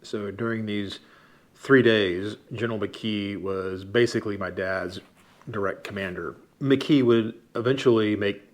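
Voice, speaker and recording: A man, the officer's son, explains the history in measured scripted narration. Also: fairly low pitch.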